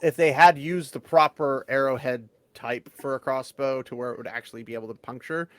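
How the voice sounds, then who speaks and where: A man's voice: medium pitch, fairly even intonation, a little fast, no room sound. Rambling man in a dry room. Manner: rambling, emphatic storytelling. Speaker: panelist. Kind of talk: casual chat.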